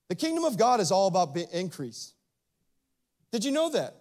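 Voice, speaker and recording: Male pastor with a very high voice; relaxed, chatty preaching to a church crowd. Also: moderate pace, long pauses. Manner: casual, animated preaching with frequent "like" asides. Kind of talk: sermon. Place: church service before a congregation.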